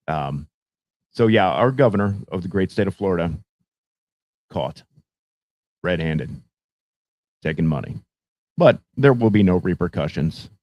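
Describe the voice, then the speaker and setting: A man's voice: low voice, mellow, no room sound. A man hosting his own show, ranting about politics with profane, sarcastic commentary. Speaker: radio show host.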